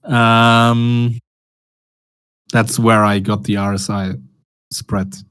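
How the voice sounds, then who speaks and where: A man's voice: fairly low pitch, level tone, very slow, fairly bright tone, smooth. A man chatting casually with friends about trading. He laughs easily and swears casually. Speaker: trader in a group voice chat. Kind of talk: casual chat.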